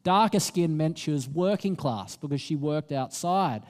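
A man's voice: a little high, lively intonation, moderate pace, a little mellow. A man, preaching a sermon with self-deprecating stories. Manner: storytelling, self-deprecating and earnest. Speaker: pastor. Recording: long reverb of a hall.

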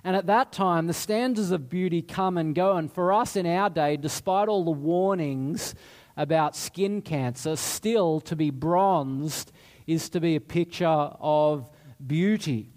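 A man's voice: a little high, unhurried, darkish tone. A middle-aged man preaching a sermon in a chatty, self-deprecating way, often restarting his sentences. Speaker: pastor.

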